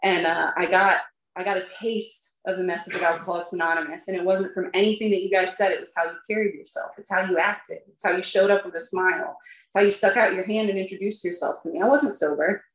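A fast-talking woman with a fairly low pitch and fairly even intonation tells a group about her recovery. Candid and chatty, she fills her speech with fillers and laughs at herself at times. The recording has a roomy echo.

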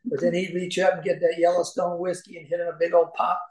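A man's voice: high voice, level tone, quick pace, a little mellow. A middle-aged man from Kentucky telling personal recovery stories in a folksy way, acting out the voices in them. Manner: folksy storyteller, acts out voices, chuckles often. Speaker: speaker at a recovery meeting. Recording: echoey room.

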